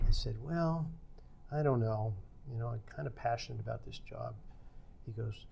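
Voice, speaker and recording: A man's voice: medium pitch, normal speed, vocal fry, dark tone. An older man telling a story from his working life in a podcast conversation, acting out the quoted dialogue as he goes. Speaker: podcast guest.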